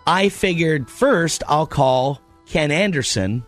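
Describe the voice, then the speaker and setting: A man who is a radio program director, explaining a scheduling problem on air in a halting way with many pauses. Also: on the high side, lively intonation, soft background music. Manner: halting, lots of "uh".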